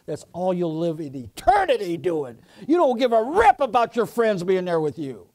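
A pastor with a high voice preaches a sermon. He draws out his phrases slowly, then drops low and quiet to tell a story before he climbs back up to a shout. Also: big pitch swings. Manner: preaching with swings from soft to shouting.

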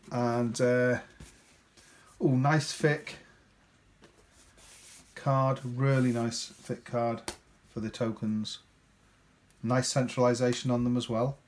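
A man casually talking through a board game unboxing, chatty and rambling, often ending with tag questions. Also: mid-range voice.

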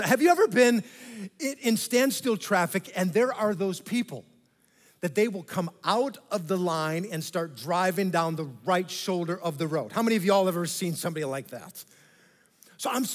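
A high-voiced man preaches to his congregation in a big church hall, and his voice rings with a long reverb. He tells an animated story, slipping into mock voices and turning often to the crowd with asides. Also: normal speed. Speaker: pastor. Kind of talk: sermon.

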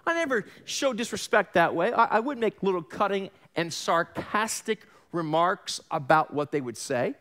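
Animated New pastor preaching. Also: male voice, sits high, normal speed, few pauses. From Long Island, New York. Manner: animated storytelling, acts out quoted voices, sarcastic asides. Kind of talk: sermon.

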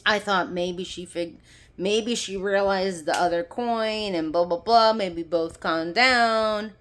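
A woman's voice: mid-range voice, takes it slowly, a bit bright, slight background noise. A young woman ranting to her phone camera, heated and sarcastic, swearing and laughing bitterly. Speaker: vlogger. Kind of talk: angry personal rant to camera.

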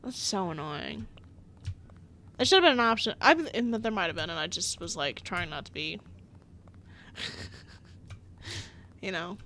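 A young woman chatting casually while playing a story game, animated, laughing often and swearing when annoyed. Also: mid-range voice, measured pace, pauses often, slight background noise. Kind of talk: casual gameplay commentary.

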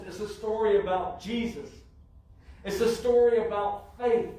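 Slow, emphatic man preaching in echoey church. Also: high voice, a little mellow. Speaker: pastor. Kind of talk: sermon. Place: church sanctuary. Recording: very echoey church, mic from far off.

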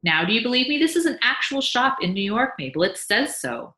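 A woman's voice: fairly high pitch, sing-song, fairly quick, bright, forceful tone, voice pushed up. A woman voicing a sly, boastful male beekeeper who teases his wife, in a read-aloud story. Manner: teasing, pleased with himself. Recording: echoey room.

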